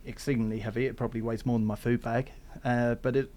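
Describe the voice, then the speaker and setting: A man's voice: medium pitch, little pitch movement, fast, dark tone. A man from England with an English accent tinged by Australian, talking easily as a podcast guest about hiking and travel. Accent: English with some Australian. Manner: rambling, easygoing storytelling. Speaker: guest, thru-hiker. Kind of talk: casual interview chat.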